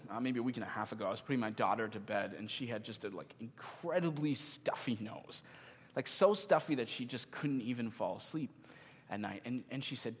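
A man's voice: mid-range voice, breathy edge. A man in his thirties preaching a sermon in a casual, conversational way, with self-deprecating humor. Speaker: pastor. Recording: long hall reverb.

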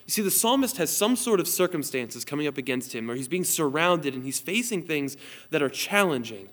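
A man's voice: fairly high pitch, very animated, fairly quick, a bit bright. A man in his thirties preaching an online sermon as a pastor, telling a family story in an earnest way and reading scripture aloud.

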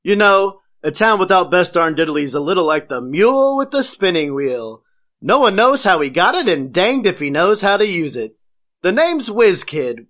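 A man voicing a smug, fast-talking male huckster with salesman patter in a cartoon promo. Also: high voice, a bit bright.

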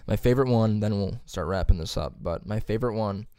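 A young man chatting as a podcast co-host, telling rambling, profane stories and acting out quotes loudly. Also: lowish voice, quick pace, clean tone, dry recording, clean studio sound. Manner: animated, acts out quotes loudly. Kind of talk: casual chat.

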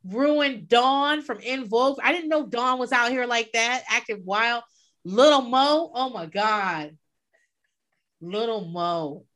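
Brief: female podcast co-host, profane, laughs a lot, slightly high pitch. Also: slow pace, a bit bright. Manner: profane, blunt, laughing often. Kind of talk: casual chat.

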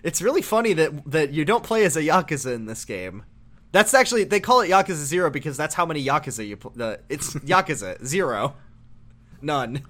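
A man chatting casually as he recaps a video game story. He slips into quick character voices for laughs, keeping an easygoing, playful tone. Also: on the high side, very animated, fairly bright tone. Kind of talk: casual chat.

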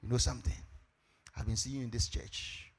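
A man voicing a smooth-talking male suitor, in a low, soft, slow and coaxing voice. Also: steady tone. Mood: tender coaxing.

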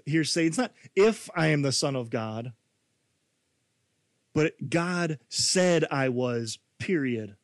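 A male pastor preaching a sermon in a conversational, animated way, full of rhetorical questions. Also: mid-range voice, no room sound.

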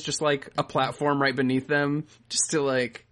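A man's voice: on the high side, level tone, measured pace, fairly bright tone, clean tone. A man co-hosting a casual recap podcast, rambling and cracking dry, profane jokes. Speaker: podcast co-host.

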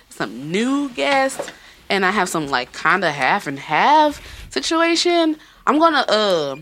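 A woman's voice: medium pitch, fairly bright tone. A woman hosting a casual podcast, talking loosely, swearing and laughing often. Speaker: podcast host.

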